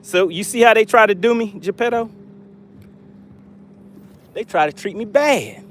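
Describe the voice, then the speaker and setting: A man's voice: high voice, a little slow, fairly bright tone, slight background noise. A man hosting a fishing livestream from a boat, teasing and laughing with his chat viewers.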